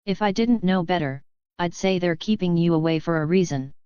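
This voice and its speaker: Brief: smirking young male warlock, calm, firm and knowing, voiced by a woman in a low smooth voice. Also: a little fast, no room sound, dull audio, lightly acted.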